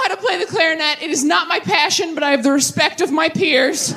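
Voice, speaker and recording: Animated woman doing stand-up. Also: extremely high pitch, brisk, hardly any pauses, slight background noise. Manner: animated storytelling, acting out dialogue in bursts. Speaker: stand-up comedian. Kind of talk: stand-up comedy set. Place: live comedy venue with audience.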